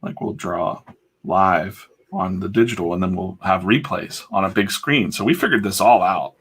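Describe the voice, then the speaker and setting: A low voice with a breathy edge and fairly bright tone, moving at a moderate pace. The man is drawing comics on a livestream and telling a rambling, casual story, chatty and sprinkled with fillers and asides.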